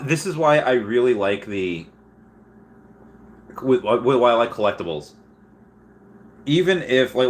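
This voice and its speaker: A man with a somewhat low voice rambles through a casual livestream, reacting to chat messages. He is animated and laughs easily. A faint room noise sits underneath. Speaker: streamer reading live chat.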